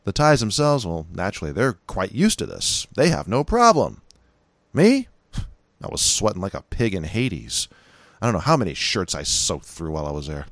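A middle-aged man with a Californian accent hosting his own podcast, talking in a folksy, chatty way with lively emphasis. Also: lowish voice, no room sound. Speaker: podcast host. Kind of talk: casual solo podcast talk.

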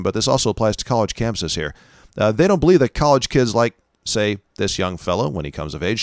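A man with a low voice reads an article aloud, his pitch rising and falling a lot. He addresses his listeners directly with emphatic, sarcastic asides. The recording is dry and close, with no room sound. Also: no echo. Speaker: commentary show host. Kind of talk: reading an article aloud, then commentary.

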